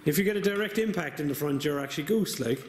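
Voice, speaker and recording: A jokey Irish man with a fairly high voice, ribbing his mate as he films a car build. The sound is roomy and echoey, with steady workshop noise behind him. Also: fast. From Ireland. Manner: teasing, jokey, laughs often. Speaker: co-host filming the build. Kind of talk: casual banter. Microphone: handheld camera mic. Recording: echoey garage, background noise.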